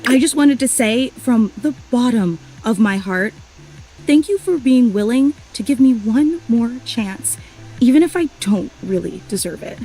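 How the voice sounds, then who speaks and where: A woman's voice: on the high side, lively intonation, a little slow, mellow, breathy edge, faint music behind, heavily acted, rough recording. A woman voicing an overly emotional, clingy young female superfan in a video game, gushing and apologizing in a tearful rush. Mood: adoring.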